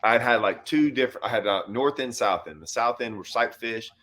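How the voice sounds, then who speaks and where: A man's voice: mid-range voice, brisk, a little hiss or hum. Picture a male host swapping stories with a friend, his medium voice rising and falling as he acts out what everyone said. The feel is casual and conversational. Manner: animated storyteller who acts out his own and others' quoted lines. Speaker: host and professional bass angler. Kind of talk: casual storytelling chat.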